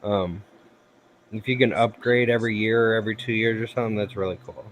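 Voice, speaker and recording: Man, stream host, casual chat, animated storyteller, does quoted voices. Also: fairly low pitch, a little fast, a little hiss or hum. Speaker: livestream host.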